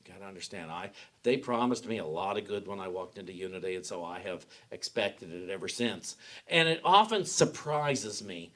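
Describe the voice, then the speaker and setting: A man's voice: deep voice, expressive, moderate pace, a bit bright. A man giving a sermon as pastor, talking in a personal, conversational way and often restarting his sentences. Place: church sanctuary.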